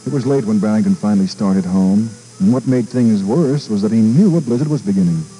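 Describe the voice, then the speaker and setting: A man, a radio disc jockey, reading a children's story aloud with an expressive delivery and small stumbles and repeats. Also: on the low side, fairly quick, soft background music, poor audio. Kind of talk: storybook narration.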